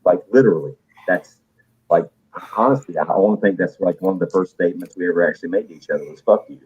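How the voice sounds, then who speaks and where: A low-voiced man with a husky edge speaks in casual chat, emphatic and profane as he rambles on. His voice comes through a tinny phone-line connection. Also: fast talker, darkish tone. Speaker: caller on a live audio panel.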